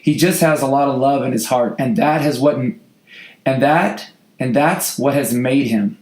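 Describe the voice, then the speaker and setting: Male coach-host, voice a bit worn and hoarse, earnest podcast delivery, roomy sound. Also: mid-range voice, darkish tone. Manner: earnest, heartfelt, with frequent restarts and filler. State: voice slightly hoarse. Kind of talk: casual podcast talk answering listener questions. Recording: roomy echo.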